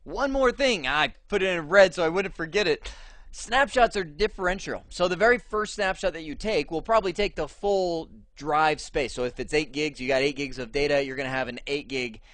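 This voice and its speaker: A man's voice: on the high side, normal speed, a bit bright, no echo. Chatty man teaching a tech course. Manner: casual and chatty, with frequent fillers and restarts. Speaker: instructor. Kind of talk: screen-share tech lesson.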